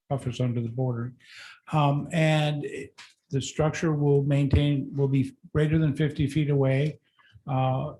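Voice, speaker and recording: A man's voice: medium pitch, warm tone, poor audio. A man presenting a building plan to a town board, explaining steadily with frequent fillers. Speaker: applicant's representative. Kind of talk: presenting a project.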